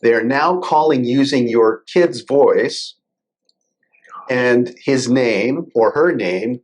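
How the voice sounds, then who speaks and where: Man explaining in a measured way. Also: medium pitch. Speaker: guest, cybersecurity lawyer. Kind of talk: casual interview conversation.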